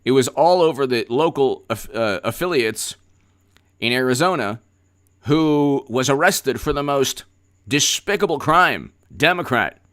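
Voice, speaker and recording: A man's voice: medium pitch, animated, measured pace, a bit bright. A man hosting a political commentary livestream, talking in a sarcastic, rambling way with stammered repeats.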